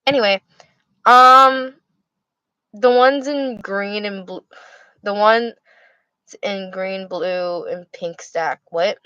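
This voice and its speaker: A woman's voice: mid-range voice, slow pace, pauses often, pushed and bright, smooth, dry recording, highs cut off. Young woman, livestream host, tired, rambling, lots of restarts, dry close sound. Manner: rambling, many restarts and fillers. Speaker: livestream host reading chat. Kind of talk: casual livestream chat.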